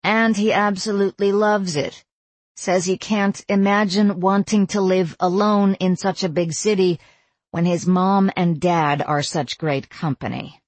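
A woman's voice: medium pitch, fairly even intonation, measured pace, dry recording, close to an everyday voice. Woman doing a weary, gossipy young girlfriend. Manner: chatty, deflated complaining.

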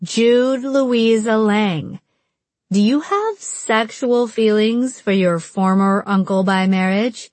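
A woman's voice: a little high, takes it slowly, a little mellow, dry recording. A woman putting on a brash, teasing young woman. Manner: pushy, dramatic, provocative.

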